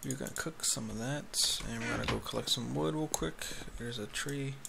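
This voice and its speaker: A man's voice: mid-range voice, brisk, creaky. A man casually narrating his Minecraft play on his home computer, rambling and yawning as he mutters to himself through a headset mic. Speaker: gaming YouTuber. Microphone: headphones with a mic. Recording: noisy home recording with keyboard clicks. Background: keyboard typing and clicks.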